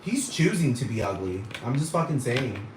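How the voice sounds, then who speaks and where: A man's voice: mid-range voice, big pitch swings, normal speed. A man in a rambling, profane rant, scoffing and exasperated, with constant swearing. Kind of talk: profane ranting monologue. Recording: echoey room with faint noise.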